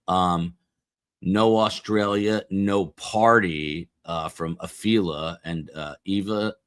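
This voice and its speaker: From a small office beside a studio, a man hosts a live stream in a low, fairly even voice, slowly rambling and joking as he reads out where viewers are tuning in from. The sound is clean studio quality with no room sound.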